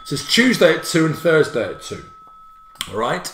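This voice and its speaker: A man giving a playful, jokey livestreamed spelling lesson, full of quick asides. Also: a little high, sing-song, fairly bright tone, reverberant, a little hiss or hum. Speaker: spelling teacher.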